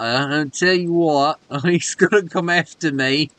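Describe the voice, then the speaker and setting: Bright-voiced joking man. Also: a little high, slow, no room sound. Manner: joking, slips into mock accents. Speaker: gaming channel host. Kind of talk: casual gameplay chat.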